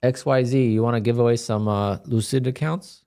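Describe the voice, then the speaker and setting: A man casually chatting on his live day-trading stream, relaxed and talkative, reading viewer questions aloud and answering them. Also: mid-range voice, brisk, creaky, smooth. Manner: laid-back, chatty, reads chat questions aloud.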